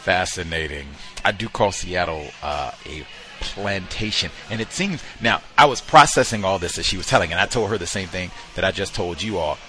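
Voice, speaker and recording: Deep-voiced, bright-toned male talk host. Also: lively intonation, faint music behind. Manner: conversational, emphatic, drawn-out pauses. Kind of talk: storytelling commentary.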